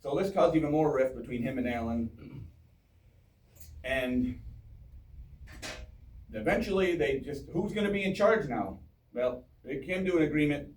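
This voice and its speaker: Animated man giving a history talk. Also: fairly high pitch, a little slow, long pauses. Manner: animated, joking, quizzes the audience. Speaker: history speaker. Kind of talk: informal public history talk. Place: town hall. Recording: echoey hall from far off.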